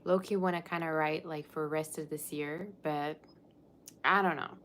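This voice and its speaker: Low-pitched woman, casual live tarot reader, distracted and chatty, light background hiss. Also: fairly even intonation, normal speed, a bit bright. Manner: chatty, scattered, self-interrupting. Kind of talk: casual live-stream chat.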